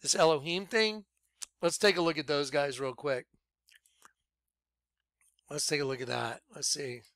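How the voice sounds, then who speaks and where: A man leading a ministry, preaching informally in an animated way, laughing and swinging between loud outbursts and quiet asides. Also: a little high, a little slow, dry recording, studio quality. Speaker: ministry leader.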